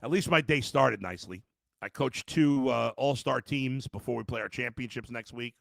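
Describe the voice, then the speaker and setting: On a live postgame reaction podcast, the middle-aged sports host rants emphatically, restarting frequently and speaking to viewers directly as folks. His voice is medium-pitched, creaky and a bit bright at a moderate pace, with no room sound.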